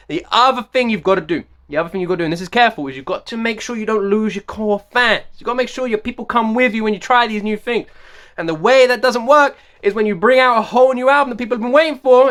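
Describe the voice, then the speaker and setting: A man hosting a music reaction video, ranting in an animated, excitable way and repeating himself for emphasis. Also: very high voice. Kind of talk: casual rambling rant to camera.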